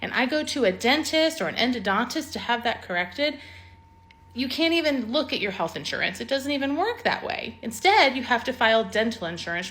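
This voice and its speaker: A woman with a slightly high voice rants to camera in a casual vlog. Her delivery is indignant and emphatic. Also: fairly bright tone.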